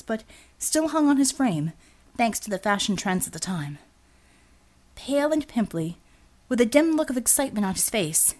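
A woman narrating an audiobook with a steady, expressive reading. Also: medium pitch. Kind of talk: scripted narration.

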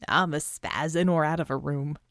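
A woman reading an audiobook, voicing a giddy, goofy young male acrobat who talks in an excited, boyish way. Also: sits low, normal speed, no room sound, studio quality, voice pushed down.

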